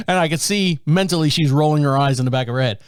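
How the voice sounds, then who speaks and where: A podcast host with a fairly high, clear, resonant voice talks fast through a casual story, animated and laughing often as he acts out quoted voices. The recording is dry and the studio sound clean.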